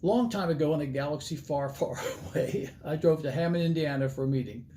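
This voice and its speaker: A man's voice: a little high, a little fast, dark tone, a little hiss or hum. An older man, an evangelist, telling a folksy story in a sermon and acting out the dialogue with animation.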